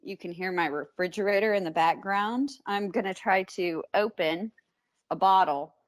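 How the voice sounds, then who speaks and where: A woman's voice: mid-range voice, normal speed. Brash joking Texan woman. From Texas. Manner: brash, joking, swears freely. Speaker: podcast co-host. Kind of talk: casual chat.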